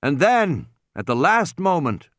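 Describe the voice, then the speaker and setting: A man narrating an audiobook with energy, his pitch swinging freely through the story. The sound is close and dry, with no room around it. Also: sing-song, a little slow, no echo.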